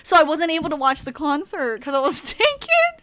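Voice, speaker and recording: A young woman co-hosting a podcast tells a story in a high, bright voice. She talks in an animated way and often breaks into laughter. The recording is dry and close. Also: normal speed, no room sound. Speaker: podcast co-host. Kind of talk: casual chat.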